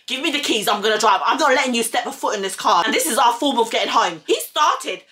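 A young woman, telling a personal story in casual chat, animated and acting out what people said. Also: on the high side, fast talker. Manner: animated, acts out quotes, swears. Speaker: vlogger telling her story.

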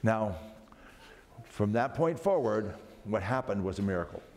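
Guy telling a dramatic story at camp meeting, kinda low voice, keeps restarting lines, big hall echo. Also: animated, a little slow, darkish tone. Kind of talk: storytelling for family worship. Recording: long hall reverb, faint background noise.

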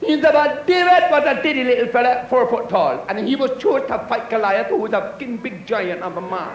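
A man's voice: extremely high pitch, lively intonation, fairly quick. A man voicing a cheeky, foul-mouthed schoolboy, bluffing and crude, in an echoey club. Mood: cocky. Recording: echoey club with crowd and noise.

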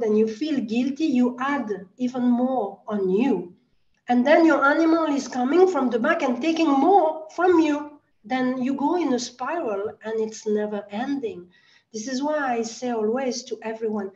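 A woman's voice: a little high, normal speed, a little mellow, distant mic. A woman being interviewed as an animal communicator, speaking earnestly and reassuringly with slightly non-native phrasing. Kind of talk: interview conversation. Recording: echoey, dull lo-fi sound.

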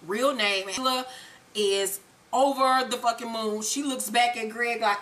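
High, bright-voiced woman recapping. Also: measured pace. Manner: animated, profane storytelling that acts out characters' lines. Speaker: show recap host. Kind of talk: casual episode recap with impressions.

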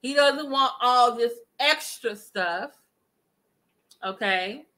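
A woman giving casual gossip commentary to her viewers, chatty and animated as she retells events. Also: fairly high pitch, takes it slowly. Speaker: commentary vlogger.

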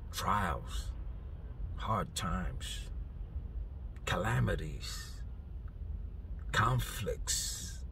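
A man preaching an energetic, playful sermon, swinging from loud shouted bursts to quiet asides. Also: mid-range voice, slight background noise. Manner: exuberant, shouting bursts, playful scat sounds. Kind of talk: energetic street-style sermon.

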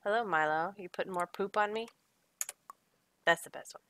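Woman, streamer, casual gaming chat, giggly, bright voice. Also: mid-range voice, moderate pace. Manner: chatty, giggly, swears casually.

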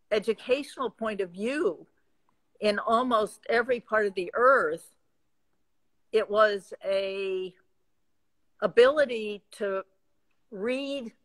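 A woman with a Midwestern accent speaking reflectively as a guest in a live chat, pausing and restarting as she thinks. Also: mid-range voice, a bit bright, rough recording. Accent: American Midwestern.

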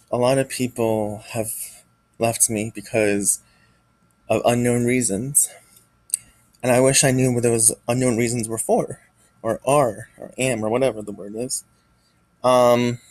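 A man speaking in a personal confessional vlog, near tears, halting and hesitant, often trailing off. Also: on the low side, dry recording, poor audio. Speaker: vlogger.

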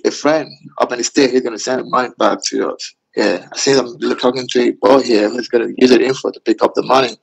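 Gravelly, husky-voiced man pleading. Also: medium pitch, steady tone, fast, few pauses, low-quality recording. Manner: pleading, repeats "baby", broken English. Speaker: scammer. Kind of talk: romance-scam voice chat.

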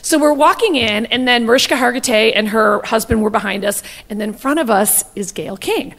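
A woman comedian doing stand-up, telling a gossipy story in a rapid, brash and profane way. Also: fairly high pitch, a bit bright, in a large hall.

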